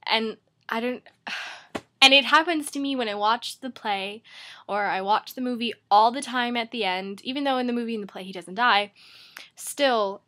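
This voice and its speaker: A woman's voice: a little high, normal speed, bright, forceful tone. A woman book vlogger talking casually to camera from her bedroom, rambling and chatty, with lots of "like" and "um".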